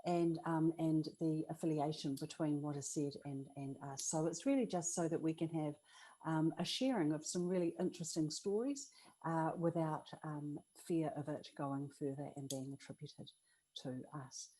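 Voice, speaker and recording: A woman opening a webinar as a co-presenter, speaking haltingly with many ums. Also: sits low, mellow.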